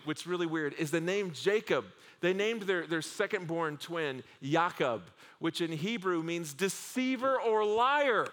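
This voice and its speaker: A man preaching a sermon to a congregation, telling the stories with humor and lively asides. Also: high voice. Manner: humorous, animated storytelling with acted asides. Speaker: pastor. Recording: long hall reverb.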